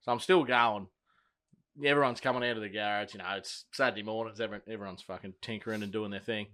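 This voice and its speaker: A man's voice: lowish voice, fairly even intonation, fast, sharp tone. A man in his thirties with an Australian accent, telling a sweary story in casual podcast banter. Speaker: podcast co-host.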